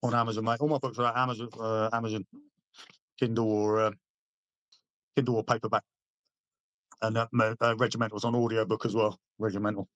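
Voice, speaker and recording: A man's voice: on the low side, level tone, fairly quick, pauses often, a bit bright, dry recording, dull audio. A middle-aged man from England, a former paratrooper, telling army stories in casual chat, swearing often and repeating himself. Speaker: guest, former paratrooper and author.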